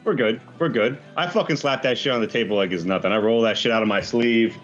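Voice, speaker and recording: A man's voice: medium pitch, fast. A man playing in a tabletop role-playing game, talking casually and profanely, on slightly dull audio with faint music. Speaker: player.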